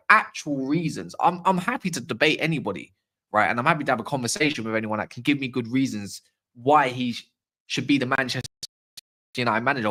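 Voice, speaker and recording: A man hosting a casual football livestream, ranting with strong opinions and slangy asides while answering chat comments. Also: mid-range voice. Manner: opinionated, animated, slangy football-fan rant. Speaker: fan channel livestream host.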